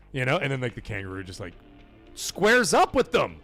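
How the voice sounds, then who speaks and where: A man's voice: mid-range voice, huge pitch swings, moderate pace, sharp tone, soft background music. A man hosting a casual gaming livestream, joking, swearing and bantering with his chat. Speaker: livestream host.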